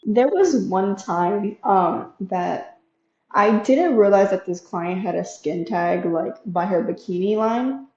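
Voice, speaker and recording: A woman's voice: medium pitch, expressive, slow pace, warm tone. A woman who works as a waxer, telling a work story in casual chat, laughing between lines. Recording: roomy, dull sound.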